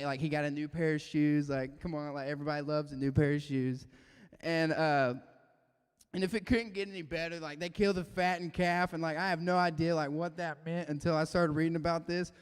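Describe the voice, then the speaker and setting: A young man speaks casually to a youth group, dropping "like" into nearly every phrase. His voice sits a little high and comes across smooth and resonant. A long hall reverb trails behind each phrase. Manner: casual, animated, constant "like" fillers. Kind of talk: casual youth devotional talk.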